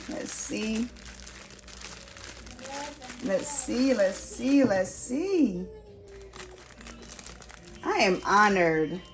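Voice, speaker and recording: Gushing woman vlogger, slow and repetitive. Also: medium pitch, slight background noise. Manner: gushing, exclamatory, repeats herself. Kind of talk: unboxing vlog. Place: home.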